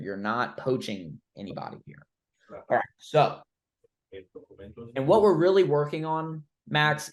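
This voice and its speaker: A man coaching a trainee through cold-call role-play, blunt and informal, with the odd swear word. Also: medium pitch. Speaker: recruiting coach.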